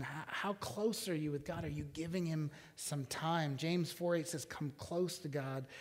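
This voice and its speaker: A man's voice: a little high, a little mellow. A man, preaching a conversational sermon and asking the congregation questions. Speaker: pastor. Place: church hall. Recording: long hall reverb.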